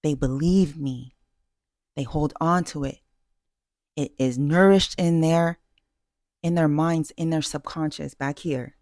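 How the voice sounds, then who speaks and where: A woman's voice: low-pitched, fairly even intonation, takes it slowly, pauses often, a little mellow, dry recording, clean studio sound. Self-assured woman giving chatty advice. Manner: chatty and self-assured, emphatic, full of fillers and restarts. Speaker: vlogger giving dating advice. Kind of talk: casual talking-head advice.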